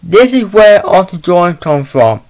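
A man giving a casual movie review, retelling the plot in a halting, rambling way into a laptop mic. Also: sits high, big pitch swings, darkish tone.

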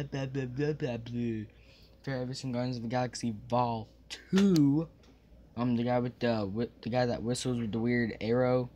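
A man's voice: mid-range voice, a little mellow, slight background noise. A young man vlogging casually from a small room at home, rambling with lots of fillers and restarts, forgetting what he meant to say.

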